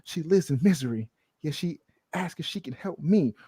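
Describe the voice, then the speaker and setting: A man from the Southern United States hosting a casual comic-review podcast, animated and joking, with frequent laughs and restarts. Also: a little high, normal speed, husky, no room sound, studio quality. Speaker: podcast host. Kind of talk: casual chat.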